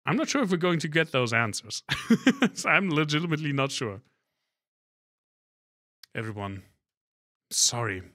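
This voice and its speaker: A man's voice: fairly high pitch, sing-song, unhurried, pauses often, bright, forceful tone. A man streaming a video game, talking casually and thinking aloud, often trailing off and restarting his sentences. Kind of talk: live-stream gameplay commentary.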